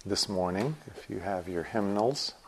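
A man guiding a meditation group before chanting, explaining patiently with gentle humor. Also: low voice, measured pace, slightly rough. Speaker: meditation teacher.

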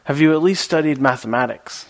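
A man's voice: a little high, brisk, no echo, lightly acted. A man voicing a proud, learned philosopher who lectures in a pitying tone. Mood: probing.

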